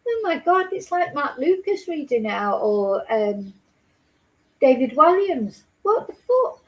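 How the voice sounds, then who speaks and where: A woman's voice: high voice, very animated, unhurried, rough recording. A woman hosting a casual true-crime chat, talking emphatically and indignantly, repeating herself and swearing. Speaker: host.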